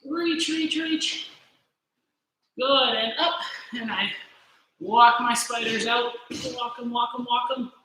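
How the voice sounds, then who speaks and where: A woman leading a virtual beginner gymnastics class, encouraging kids through warm-up drills, out of breath as she goes. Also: on the high side, little pitch movement, measured pace. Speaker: gymnastics coach. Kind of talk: virtual fitness class instruction. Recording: very echoey room, faint noise.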